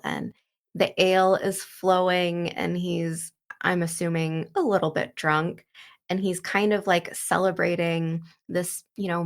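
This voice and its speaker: A woman's voice: lowish voice, vocal fry. A woman hosting a book walkthrough, retelling the story in a loose, chatty way full of "like" and "you know.". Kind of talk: casual book commentary and retelling.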